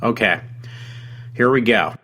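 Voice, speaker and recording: A man's voice: lowish voice, slow, sharp tone, slight background noise. A man hosting his own talk show, rambling with many ums and restarts. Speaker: show host. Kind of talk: casual solo talk show.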